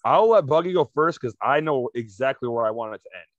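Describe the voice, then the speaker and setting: A man's voice: medium pitch, animated, brisk, dry recording, dull audio. A man co-hosting a podcast in casual chat, laid-back and joking. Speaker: podcast co-host.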